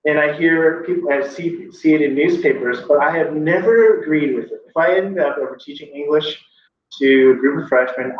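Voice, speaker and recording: Opinionated guy teaching class, kinda high voice, echoey room, far from the mic. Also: moderate pace, highs cut off, a little hiss or hum. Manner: emphatic, opinionated, explains with examples.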